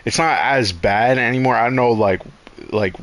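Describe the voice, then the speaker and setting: A young man playing a game on stream, muttering to himself in a low-key way between bits of chat. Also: moderate pace, a loud crowd. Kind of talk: casual chat while gaming.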